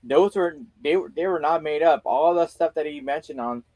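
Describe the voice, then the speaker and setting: A man in a casual chat who talks slowly and haltingly with many fillers. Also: a little high, darkish tone, dry recording.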